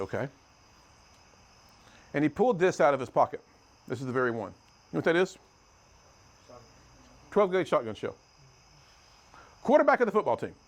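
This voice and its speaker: A middle-aged man from the United States giving a motivational talk to a youth group, telling stories and swinging between loud and hushed. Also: on the high side. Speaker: youth speaker.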